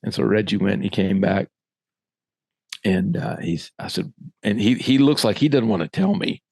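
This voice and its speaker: A man, a former middle school football coach, telling a lively story in casual podcast talk and acting out the voices he quotes. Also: fairly low pitch, moderate pace, vocal fry, husky, dry recording.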